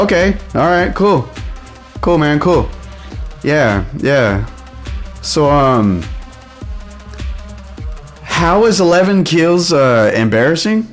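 A man's voice: fairly high pitch, big pitch swings, slow, long pauses, soft background music. Man on a rambling, profane rant. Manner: heated, rambling, swears a lot.

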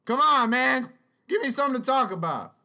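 A man's voice: extremely high pitch, sing-song, a little fast, gravelly, sharp tone. A man hosting a casual solo podcast, rambling profanely and slipping into sing-song freestyle rap into a podcast mic. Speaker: podcast host.

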